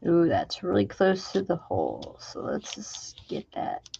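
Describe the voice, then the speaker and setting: A woman chats her way through a crafting project, half to her viewers and half to herself. Her voice sits low with a gravelly edge, and she takes her time. The sound is slightly dull and lo-fi. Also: wildly swooping pitch, unhurried, warm tone. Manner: chatty, talks to herself while working, drops into whispers. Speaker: craft video host. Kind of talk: casual crafting vlog chat.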